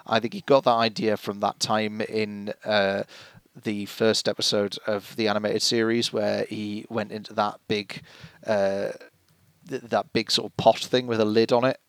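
A man's voice: lowish voice, level tone, normal speed, a bit bright, clear, resonant tone, no echo. A man co-hosting a casual podcast, talking in a rambling, hesitant way with frequent restarts. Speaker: podcast co-host. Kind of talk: casual chat about a TV episode.

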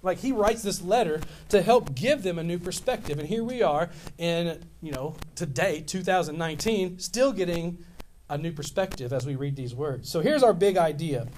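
A Louisiana pastor in his fifties preaches a sermon, telling stories in an animated, rambling style with many restarts. His voice is fairly high-pitched at normal speed, with a little hiss or hum.

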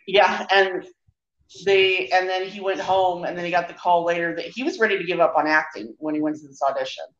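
Lower-voiced woman telling movie trivia. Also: fairly quick. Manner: animated storyteller who acts out quotes. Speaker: podcast co-host. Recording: roomy, dull lo-fi sound.

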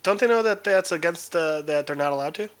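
A sarcastic man trading jokes on a casual podcast. He tells stories in an animated way and leans on dry irony. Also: on the high side, fairly quick. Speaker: podcast co-host. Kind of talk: casual chat.

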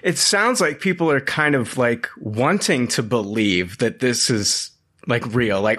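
A man hosts an interview, asking casual, hesitant questions packed with fillers. His voice sits at an ordinary middle pitch. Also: lively intonation, a little slow, a bit bright. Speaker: podcast host.

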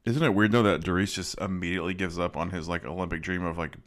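A man co-hosting a casual movie podcast, talking in a relaxed way with many fillers. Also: sits low, quick pace. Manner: relaxed, uses lots of "like" fillers. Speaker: podcast co-host.

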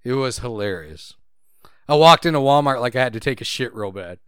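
Podcast co-host, male, jokey and giggly; smooth, animated delivery, dry close mic. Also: medium pitch, fairly quick, no room sound. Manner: jokey, laughs often, repeats phrases. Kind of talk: casual podcast chat, reading news items.

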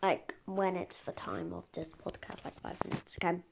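A woman's voice: lowish voice, flat delivery, moderate pace, creaky. A teenage girl hosting a casual solo podcast, rambling and often dropping into a whisper. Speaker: podcast host. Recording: dull lo-fi recording with faint hiss.

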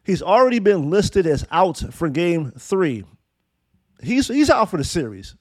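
A man's voice: high-pitched, very animated, takes it slowly, no room sound. Blunt, profane man ranting about sports. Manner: blunt, profane, sarcastic, with frequent restarts. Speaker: basketball podcast host. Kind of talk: casual opinionated sports rant.

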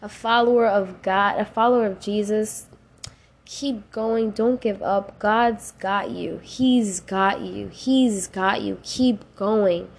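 A woman's voice: medium pitch, takes it slowly, vocal fry. A woman hosting a faith podcast, speaking casually and emotionally, tearful at times, slipping into slang and prayer. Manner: emotional, rising to cries and laughs, casual slang. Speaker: podcast host.

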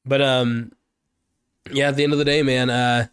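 A man's voice: mid-range voice, little pitch movement, moderate pace, fairly bright tone, clear, resonant tone, no room sound. A man from Oregon giving an angry, profane, rambling political rant for his vlog, speaking close to the mic. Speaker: political vlogger.

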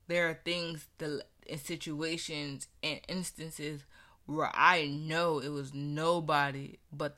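Slow, bright-voiced woman sharing her faith. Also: sits low. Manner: earnest, conversational, frequent fillers. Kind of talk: casual personal testimony.

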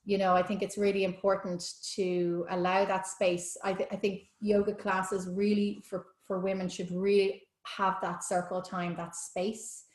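A woman's voice: mid-range voice, level tone, measured pace, few pauses, a little mellow. Yoga teacher lady chatting away, keeps restarting, mid voice, roomy sound. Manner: chatty, enthusiastic, many restarts. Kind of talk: casual interview chat. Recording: roomy echo.

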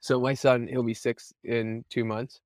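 A man's voice: medium pitch, measured pace, no room sound, clean studio sound. Chatty man telling family stories. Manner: storytelling, animated, swears freely. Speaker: podcast host. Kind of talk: casual chat.

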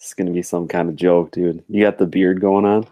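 A man's voice: sits low, little pitch movement, brisk, mellow. A man hosting a casual podcast over a video call, easygoing and curious, often calling his co-host "dude".

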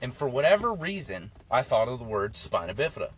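A man's voice: mid-range voice, big pitch swings, a little fast, slightly rough. A young man telling stories in a casual, profane, rambling way, full of "like". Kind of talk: casual storytelling chat. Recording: faint background noise.

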